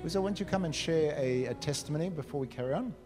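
Youth pastor, man, slightly high voice, preaching with energy, long hall reverb. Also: over music. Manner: animated, talks to the audience directly with quick acted asides. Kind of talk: youth sermon.

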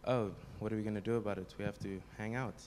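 Young man, low and flat, telling a testimony, faint room noise behind. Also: fast. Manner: plain, storytelling, frequent ums. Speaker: congregation member giving a testimony. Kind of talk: spoken testimony.

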